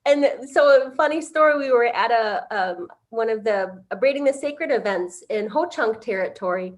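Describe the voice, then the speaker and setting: High-voiced woman telling a story. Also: animated. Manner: halting, full of fillers and restarts. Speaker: interviewee. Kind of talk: casual storytelling.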